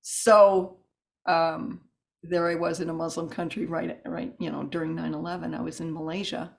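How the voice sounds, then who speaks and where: A woman telling stories as a podcast guest, animated and rambling with restarts and asides. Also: deep voice, moderate pace, vocal fry, slight background noise. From United States. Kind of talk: podcast interview storytelling.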